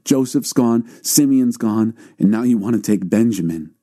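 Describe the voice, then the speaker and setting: A man's voice: lowish voice, expressive, normal speed, dark tone. A man reading the lines of a grieving, fearful old father in a scripture reading. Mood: sorrowful. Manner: mournful, pleading.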